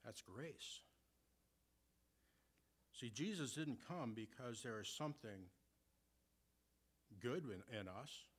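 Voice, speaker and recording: A man preaching a sermon in an ordinary middle-pitched voice. He poses rhetorical questions to his congregation and slows down to read scripture and hymn verses with deliberate weight. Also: expressive, husky. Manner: reads scripture and hymn lines slowly and deliberately.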